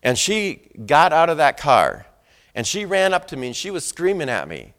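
A man's voice: a little high, animated, normal speed, a bit bright. A middle-aged man preaching a sermon as pastor, talking conversationally, telling personal stories and often asking the congregation "Amen?". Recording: long hall reverb.

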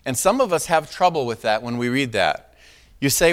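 A man's voice: mid-range voice, animated, normal speed, fairly bright tone. A man preaching a sermon, reading scripture with dramatic emphasis and often checking in with "right?" and "amen?". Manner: conversational preaching, frequent "right?" and "Amen?" asides. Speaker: pastor.

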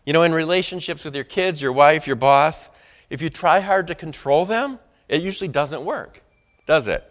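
A man's voice: a little high, lively intonation, normal speed, fairly bright tone. A middle-aged man preaching a sermon as pastor, talking conversationally, telling personal stories and often asking the congregation "Amen?". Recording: long hall reverb.

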